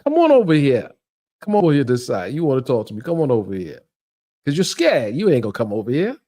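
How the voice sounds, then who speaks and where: Animated, mocking livestream host man. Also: medium pitch, quick pace. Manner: animated, mocking, laughs often, repeats himself. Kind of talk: casual livestream rant.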